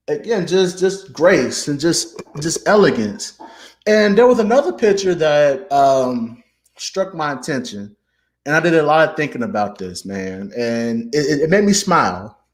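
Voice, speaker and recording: A young man in his late twenties hosts a casual commentary show, speaking at an ordinary middle pitch. He talks with animated, emotional energy, stumbles over repeated words and drops "man" between phrases. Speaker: host.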